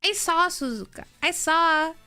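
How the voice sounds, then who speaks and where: A woman streamer chatting casually while she plays a game, rambling and excitable, answering her chat as she goes. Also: extremely high pitch, a little slow, faint music behind.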